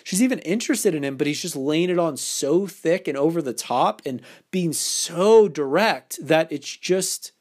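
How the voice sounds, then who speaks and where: Man, podcast host, playful, animated pitch, slightly high voice, restarts a lot. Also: a little slow, few pauses. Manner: playful, acts out quoted lines, many restarts. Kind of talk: casual advice podcast monologue.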